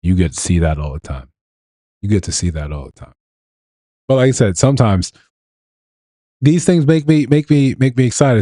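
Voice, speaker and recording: A man's voice: low-pitched, warm tone, no room sound, clean studio sound. A man hosting a live show, talking casually and reacting to clips with laughs and rhetorical questions. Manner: laid-back, chuckling, rhetorical questions. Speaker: host. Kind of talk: live commentary on viral clips.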